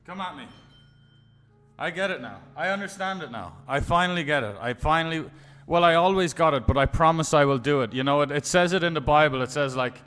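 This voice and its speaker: A man's voice: on the high side, fast, fairly bright tone, clean tone. Muttering, profane man streaming poker. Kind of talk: live-streamed game commentary.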